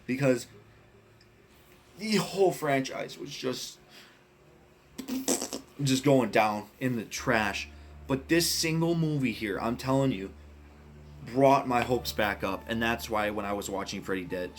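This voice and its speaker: A man casually ranking horror films, speaking bluntly, swearing often and getting excited about what he likes. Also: medium pitch, a little slow, pauses often, a little hiss or hum. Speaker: movie reviewer. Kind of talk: casual film ranking monologue.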